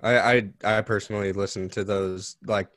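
Chill guy co-hosting a podcast, kinda low voice, casual. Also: steady tone, moderate pace, a bit bright, no echo, studio quality. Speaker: podcast co-host. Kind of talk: casual chat.

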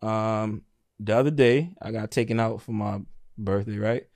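A man's voice: on the low side, normal speed, vocal fry, a little mellow, dry recording. A young man co-hosting a podcast, talking in a laid-back, slangy, profane way. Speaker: podcast co-host. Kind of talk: casual chat.

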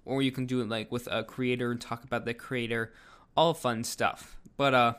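A man's voice: mid-range voice, little pitch movement, moderate pace, a bit bright, clean tone. A man giving casual video commentary, rambling with lots of fillers. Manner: rambling, filler-heavy delivery.

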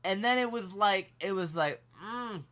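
A man co-hosting a podcast, telling a story in a casual, animated, self-mocking way. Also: high voice, normal speed. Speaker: podcast co-host.

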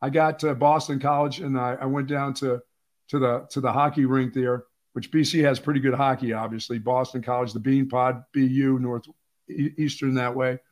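A man's voice: mid-range voice, normal speed. Emphatic Pennsylvania-raised man riffing. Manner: animated, emphatic storyteller with repeated phrases. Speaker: sports radio co-host. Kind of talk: casual sports talk.

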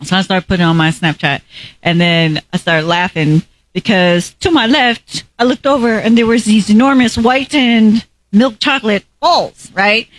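A woman's voice: medium pitch, normal speed. A woman co-hosting a casual podcast, telling stories with frequent giggles. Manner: giggly storytelling, frequent laughter. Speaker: co-host.

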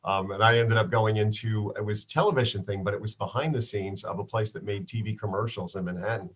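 A middle-aged man from New York City with a faint New York accent, telling stories as a guest in a casual interview with quick restarts. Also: on the low side, steady tone, slightly rough. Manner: rambling storyteller, quick restarts. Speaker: guest, radio broadcaster.

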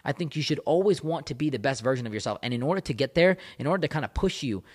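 A man's voice: medium pitch, expressive, very fast. A man talking as a breakup coach into a microphone, intense and emphatic, repeating phrases for punch. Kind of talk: motivational monologue. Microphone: studio microphone.

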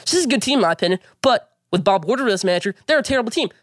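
Fast-talking man ranting about sports. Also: high voice, animated, a bit bright, dry recording, studio quality. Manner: emphatic, opinionated rant with repeated phrases. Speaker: sports show host. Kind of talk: sports opinion vlog.

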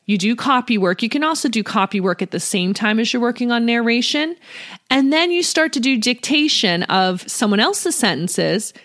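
A woman's voice: on the high side, animated, moderate pace, a bit bright. A woman in her thirties hosting a homeschool podcast, explaining teaching steps in a friendly, chatty way. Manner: friendly, explanatory, uses "you know" and "right?". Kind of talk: casual instructional talk.

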